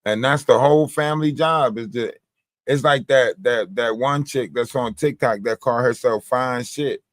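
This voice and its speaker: A man runs a casual livestream, talking in a profane, animated way and acting out quotes as he tells a story. His voice sits at an average pitch and sounds close and dry, with no room around it. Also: normal speed, no echo. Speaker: livestream host.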